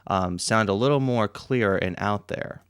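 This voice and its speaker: Male reaction host, smooth low voice, enthusiastic mix-nerd commentary. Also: measured pace, dry recording, clean studio sound. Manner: enthusiastic, breaks down the audio production with plenty of fillers. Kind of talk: casual music reaction commentary. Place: seated indoors at home setup. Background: faint song playing.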